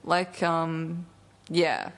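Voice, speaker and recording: A woman's voice: deep voice, drawn-out words. A young woman co-hosting a casual radio chat show, talking in a laid-back way.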